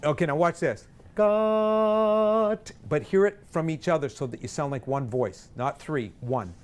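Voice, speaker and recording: A male vocal coach leading a live group singing workshop, energetic and directive, joking with the singers. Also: medium pitch, normal speed, faint music behind.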